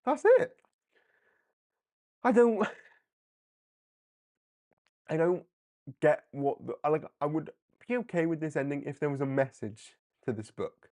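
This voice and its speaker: A man hosting a live comic book discussion, animated and often laughing as he briefly acts out characters. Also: on the high side, normal speed. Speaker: comic book livestream host. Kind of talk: casual live commentary.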